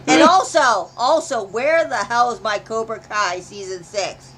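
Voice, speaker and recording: A woman's voice: a little high, a little slow, fairly bright tone, a little hiss or hum, rough recording. A woman co-hosting a casual live-stream chat, laughing easily and teasing.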